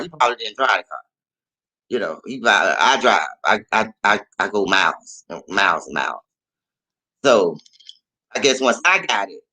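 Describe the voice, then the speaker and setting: A man telling a story in a casual vlog, profane and animated, often repeating his phrases. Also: medium pitch, rough recording. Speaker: vlogger.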